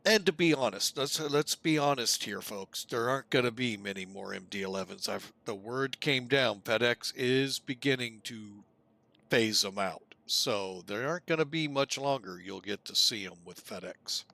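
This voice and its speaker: A man's voice: mid-range voice, normal speed, vocal fry, pushed and bright, no echo. A man casually narrating a flight simulator session on a live stream, chatting to viewers as folks.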